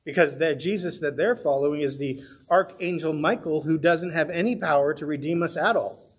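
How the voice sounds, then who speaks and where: A male pastor leading a midweek Bible study, talking in an earnest, conversational way. His voice sits a little high and has a husky edge. Now and then he slips into the voices of the people he quotes.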